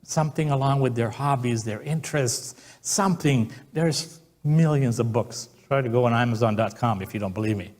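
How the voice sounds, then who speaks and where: A man's voice: mid-range voice, moderate pace, hardly any pauses, darkish tone. A man preaching a sermon as pastor, telling stories and acting out the quotes. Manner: storytelling, acts out quotes.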